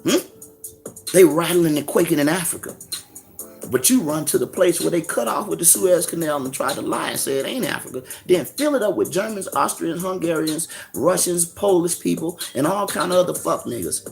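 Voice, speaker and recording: A man's voice: fairly high pitch, lively intonation, normal speed, creaky, darkish tone, faint music behind. A man giving a profane, mocking preaching rant in street slang, firing off rhetorical questions. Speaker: religious commentator.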